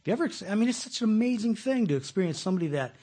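A man preaching a conversational sermon as a pastor, animated, asking his listeners questions and acting out the voices he quotes. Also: high voice, racing, breathy edge.

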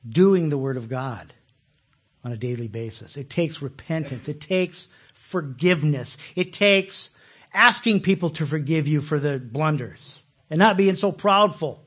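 Man, pastor, conversational sermon, husky voice, fairly high pitch, stumbles and repeats words. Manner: conversational, animated, laughs often; repeats words when starting sentences.

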